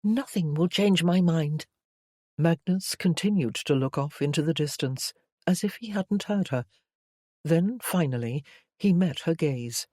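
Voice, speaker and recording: A woman reading a historical romance novel aloud in a measured storytelling manner. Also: low voice, expressive, mellow, no echo, clean studio sound. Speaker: audiobook narrator. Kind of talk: scripted romance narration.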